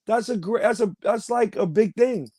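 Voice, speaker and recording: A man speaks casually as a podcast guest, his voice pitched fairly high. He stresses his points by saying them again and again. The recording is dry and close. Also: normal speed, warm tone, no room sound. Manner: emphatic, repeats his points. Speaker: podcast guest, party promoter. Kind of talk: casual interview chat.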